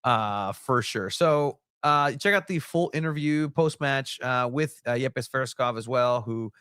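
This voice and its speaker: A man's voice: mid-range voice, measured pace, fairly bright tone, clean tone, no echo. Young guy on a soccer podcast, rambly, jokey, dry close mic. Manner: rambling, lots of fillers, jokey. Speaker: podcast co-host and soccer reporter. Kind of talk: casual sports podcast chat.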